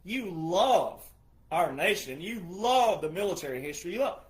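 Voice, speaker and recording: A man's voice: high voice, animated, normal speed. A man who is a retired veteran, giving an emphatic monologue full of repetition and rhetorical questions. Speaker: retired military veteran commentator.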